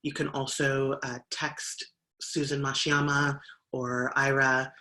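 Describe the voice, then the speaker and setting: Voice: mid-range voice, flat delivery, takes it slowly, sharp tone. A minister speaking to an online congregation, thanking helpers and giving announcements in a loose, conversational way with fillers. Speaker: minister leading the service. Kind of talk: spoken service announcements.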